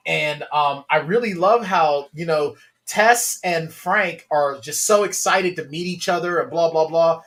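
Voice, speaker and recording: A man hosting a casual TV reaction talk, lively and often laughing as he retells scenes. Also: measured pace. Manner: animated, quotes scenes in low voices, laughs often. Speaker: podcast host.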